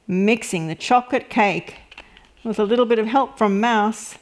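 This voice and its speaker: A woman reading a picture book aloud to children in a gentle, expressive storytelling manner. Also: a little high, unhurried.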